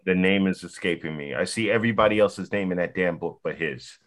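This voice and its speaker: A man's voice: deep voice, fairly quick, dry recording, studio quality. A man in a casual podcast chat, teasing the others in a mock-scolding way.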